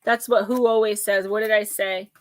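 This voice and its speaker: A woman's voice: medium pitch, fairly even intonation. Chatty woman giving oracle readings. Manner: chatty and affectionate, reads cards aloud in a slow soothing cadence. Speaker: oracle card reader hosting a live stream. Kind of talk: casual live-stream oracle reading.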